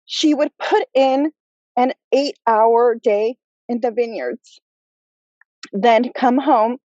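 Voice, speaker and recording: A woman giving an emotional memorial tribute from a graveside on a video call, pausing and choking up as she speaks. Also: on the high side, warm tone, no room sound, muffled recording. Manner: slow, choked-up, pausing. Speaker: family member giving a tribute. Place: outdoors at a cemetery graveside.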